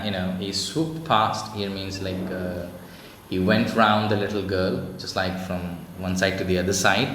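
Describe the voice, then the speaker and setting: A man's voice: low voice, fairly bright tone. A male teacher with an Indian English accent explaining a story to students, loosely paraphrasing with many fillers. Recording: echoey room with long reverb, faint noise.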